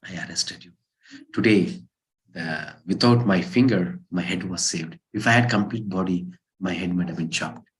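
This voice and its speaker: A proud, quick-tempered king protests and demands in a low, forceful voice, as a storyteller acts him out. The delivery stays close to a lecturer's own speech with a storytelling edge. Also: close to an everyday voice. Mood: earnest.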